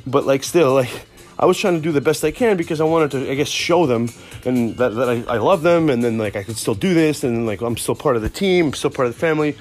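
A man hosting a podcast, telling a rambling, profane, excitable comic story from work. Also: mid-range voice, fairly quick, faint music behind. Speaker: podcast host. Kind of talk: casual comic storytelling monologue.

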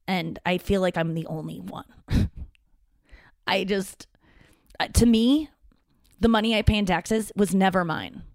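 A woman's voice: mid-range voice, unhurried, vocal fry, long pauses, darkish tone, dry recording. A woman hosting her own show, talking casually and candidly in a rambling monologue, swearing freely and often restarting her sentences. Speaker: podcast host.

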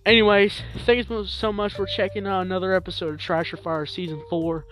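A man hosting a solo music review podcast, talking casually and rambling with lots of fillers and repeats, getting loud and animated at times. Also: sits high, brisk. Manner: animated, jumps up loud when promoting.

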